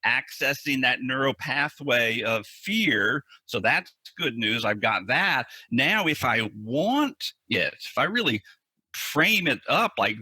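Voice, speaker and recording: A man with a bright, forceful voice that has a husky edge. He talks as an interview guest, explaining his ideas earnestly and with emphasis, and often doubles back to repeat words. The sound is dry and close. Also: mid-range voice, animated, slow pace, no echo. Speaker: psychologist guest.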